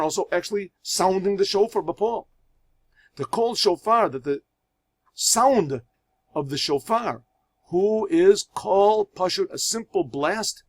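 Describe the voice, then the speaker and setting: Rabbi translating Hebrew line by line. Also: male voice, fairly high pitch. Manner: reads Hebrew phrases and translates each into English; storytelling with restarts and pauses. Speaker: rabbi teaching a class. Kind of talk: religious lesson.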